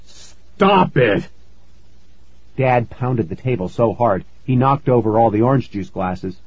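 A man narrating a first-person story in a measured storytelling manner, on a dull, lo-fi recording. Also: mid-range voice, darkish tone, breathy edge, dry recording. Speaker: audiobook narrator.

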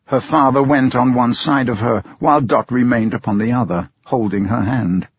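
A man reading an audiobook narration in a measured storytelling manner. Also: medium pitch, husky. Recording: dull lo-fi sound.

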